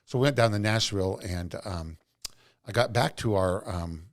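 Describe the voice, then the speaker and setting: A middle-aged man with a lowish voice, speaking at a moderate pace, is a podcast guest in a casual storytelling interview. He tells earnest, rambling stories from his working life.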